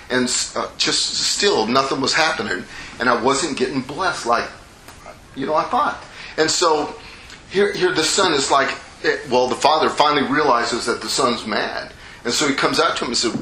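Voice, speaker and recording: A man's voice: medium pitch, normal speed, pushed and bright, slight background noise. A middle-aged man preaching a sermon in a folksy, conversational way, acting out the characters of a parable. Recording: echoey room with faint ambience.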